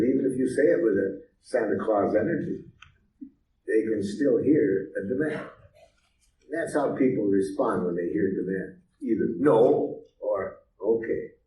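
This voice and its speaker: A man's voice: on the low side, dark tone. A man leading a workshop with role-play, teaching in a playful, teasing storytelling manner. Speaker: workshop leader. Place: workshop room. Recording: echoey room from far off, faint hiss.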